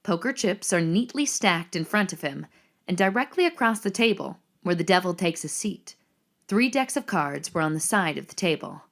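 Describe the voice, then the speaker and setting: A woman narrating the action lines of a screenplay reading in a measured, descriptive way. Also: on the low side, lively intonation, fairly bright tone.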